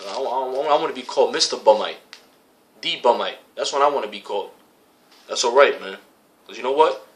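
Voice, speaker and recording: A man with a bright, forceful voice preaching in loose street talk. He swears freely, quotes scripture and hammers his points home with repeated phrases. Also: medium pitch, fairly quick, a little hiss or hum. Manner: profane and slangy, repeats phrases for emphasis. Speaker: religious camp member preaching. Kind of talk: casual street-style preaching.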